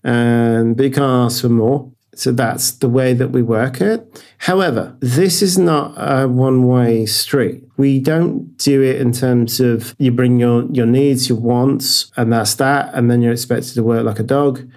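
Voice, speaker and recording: A man from the UK talks casually as an interview guest. He tells stories with energy, and his voice climbs when he gets excited. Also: medium pitch, a little slow. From United Kingdom. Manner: animated storyteller, voice jumps up when excited. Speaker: guest, software developer.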